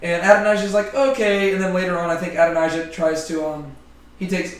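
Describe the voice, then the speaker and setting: This man talks fast in a high voice with a steady tone while leading a casual Bible study group. His chat is jokey and stuffed with ums and likes, and the mic sits at a distance in a roomy setting.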